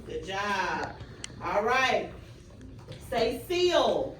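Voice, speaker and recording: A young woman student teacher leading a class in a phonics drill, with clear, drawn-out prompts and quick praise, recorded in a classroom by a camera at a distance. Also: mid-range voice, very animated, fairly bright tone. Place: classroom full of children. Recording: echoey, distant classroom recording with background noise.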